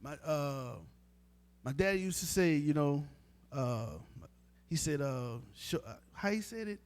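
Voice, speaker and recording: A man's voice: fairly high pitch, expressive, measured pace. A man preaching a sermon in a casual, emphatic way, speaking straight to his listeners. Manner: informal, emphatic, talks straight to the crowd. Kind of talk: street-style sermon teaching.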